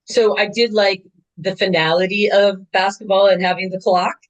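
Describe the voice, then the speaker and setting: A woman in her sixties, a veteran softball umpire, telling game stories in a chatty, animated way with lots of fillers. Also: medium pitch, normal speed, highs cut off. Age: 60s. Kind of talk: casual interview storytelling.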